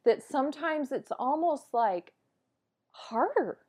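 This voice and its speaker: A woman's voice: high voice, expressive, slow, a little mellow. Chatty young woman co-hosting a podcast. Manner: chatty, agreeable, many fillers like "like". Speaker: podcast co-host. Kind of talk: casual podcast chat.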